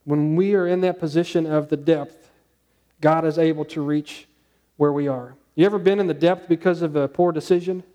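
A man preaching a conversational sermon, asking his listeners questions and dropping to a hushed tone on key points. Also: fairly high pitch, fairly even intonation, normal speed. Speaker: pastor.

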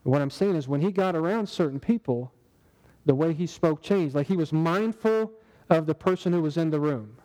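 Man preaching with a mellow tone. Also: a little high, normal speed, in a large hall, low-quality recording. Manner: conversational preaching with rhetorical questions. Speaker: pastor. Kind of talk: sermon.

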